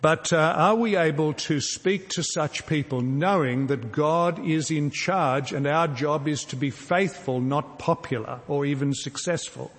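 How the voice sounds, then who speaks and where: A man preaching a sermon, earnest and measured, often posing rhetorical questions to his congregation. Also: a little high, fairly bright tone, in a large hall. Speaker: pastor.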